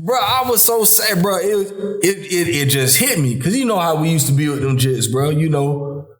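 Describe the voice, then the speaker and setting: A man hosting a podcast who talks through fatherhood in a relaxed, heartfelt chat, often calling his friend "bro". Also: a little high, moderate pace. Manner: informal Southern US speech, calls listener "bro". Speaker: podcast host. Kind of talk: casual heartfelt conversation. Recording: echoey room.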